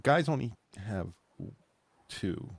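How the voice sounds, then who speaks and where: Fairly low, gravelly, and animated, this slow male voice with no room sound belongs to a podcast co-host. He rambles through casual chat, telling jokes and chuckling at his own asides.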